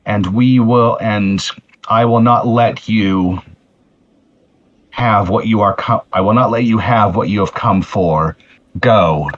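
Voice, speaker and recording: A man playing a stern, resolute stallion pony in a tabletop game, speaking slowly and firmly. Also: fairly low pitch, muffled recording.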